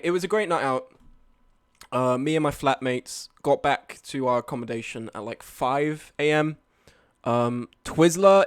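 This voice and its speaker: Young man chatting on stream, rambling. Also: medium pitch. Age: young adult. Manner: rambling, swearing, often laughing. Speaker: live streamer. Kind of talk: casual chat storytelling.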